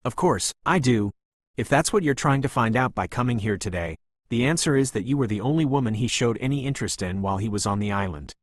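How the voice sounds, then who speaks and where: A man voicing a gracious, elegant woman who speaks warmly and politely as a welcoming hostess. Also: mid-range voice, expressive, quick pace, natural voice.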